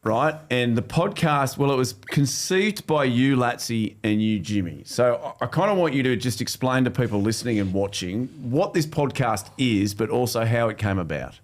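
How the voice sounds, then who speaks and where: A man hosting a sports podcast, steering the talk with quick questions and interjections. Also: medium pitch, expressive. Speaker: podcast host. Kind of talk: casual chat.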